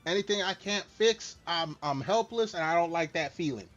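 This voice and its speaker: A man's voice: on the high side, lively intonation, moderate pace, fairly bright tone. Rambling middle-aged man streaming a game. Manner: rambling, candid and self-deprecating. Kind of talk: casual chat while streaming a game. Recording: slightly dull lo-fi stream mic with faint music.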